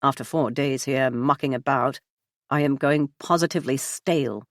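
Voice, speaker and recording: A woman's voice: rumbling low, moderate pace, dry recording. A woman doing a dry, wry old spymaster. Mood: brusque. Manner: formal, clipped, dry understatement. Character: elderly male British spymaster, bedridden, dry and wry. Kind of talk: audiobook character voice.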